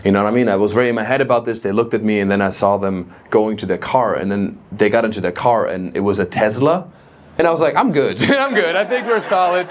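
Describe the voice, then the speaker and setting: A man's voice: fairly low pitch, fast. A German man doing stand-up crowd work, playful and teasing, laughing often. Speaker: stand-up comedian. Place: comedy club stage. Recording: loud crowd laughter behind.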